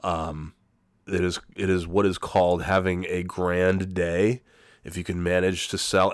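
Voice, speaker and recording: A man's voice: deep voice, dry recording, studio quality. A man in his forties with a cold, telling a rambling, profane story in a casual monologue. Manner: rambling, profane, self-correcting. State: has a cold.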